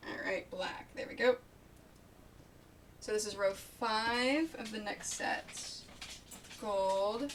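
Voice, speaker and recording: A quilter casually chats as she sews on a live stream, musing aloud and welcoming viewers by name, in a mid-range voice that moves slowly with long pauses. The mic is distant, with faint noise.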